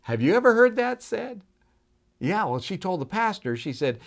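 A man telling a children's story at a church service, animated, with frequent restarts and questions to his young listeners. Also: high voice, moderate pace, vocal fry.

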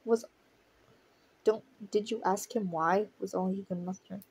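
A woman's voice: mid-range voice, fairly even intonation, a little slow, darkish tone, husky. A woman reading a fan story aloud, breaking off to laugh and react to it. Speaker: audiobook reader of a fan story. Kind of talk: casual reading with commentary.

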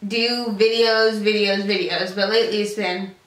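Young woman, rambling casual vlog chat, bright voice, echoey room off-mic. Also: mid-range voice, fairly even intonation, moderate pace, distant mic, slight background noise. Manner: rambling, lots of fillers, slangy. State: out of breath. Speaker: vlogger.

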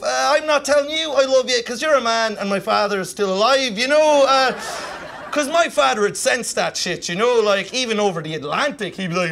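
A young Irish man from Kilkenny doing stand-up in a comedy club, rambling fast and tagging lines with "you know what I mean". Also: very high-pitched, creaky, a bit bright, slight background noise. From Ireland. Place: comedy club stage with laughing audience.

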